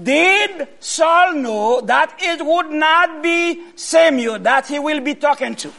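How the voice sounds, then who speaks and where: Preaching slowly in a very high, creaky, animated voice, a man asks his congregation questions only to answer them himself, with sudden loud bursts of emphasis.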